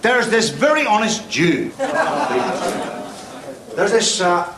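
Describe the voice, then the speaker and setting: A man's voice: high-pitched, very animated, slow, a crowd in the background, heavily acted. An actor playing a cocky, crude male stand-up comic with a Belfast accent, delivering bawdy patter to a club audience in a television drama. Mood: cheeky. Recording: echoey room with loud background noise.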